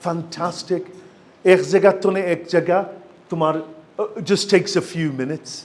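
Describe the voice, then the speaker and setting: A man with a Sylheti accent talks through a student workshop at a rapid clip, his voice sitting a little high. He is chatty and eager and keeps checking that his listeners follow. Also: fairly even intonation. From Bangladesh, Sylhet region. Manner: chatty and enthusiastic, asks for agreement often. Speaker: university lecturer giving a workshop talk. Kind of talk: lively presentation to students.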